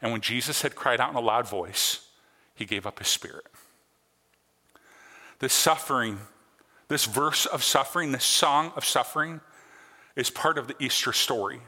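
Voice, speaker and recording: A man's voice: mid-range voice, moderate pace, pauses often, bright, forceful tone. A man preaching a sermon as a pastor, earnest and conversational, checking in with his congregation. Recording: long hall reverb.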